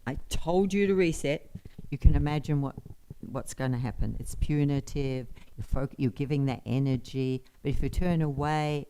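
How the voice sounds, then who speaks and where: A woman's voice: rumbling low, steady tone, moderate pace, hardly any pauses, warm tone, a little hiss or hum. A woman co-presenting a parenting seminar, talking informally and backing up her co-presenter's points. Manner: supportive, echoes and affirms her co-presenter. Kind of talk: informal teaching talk.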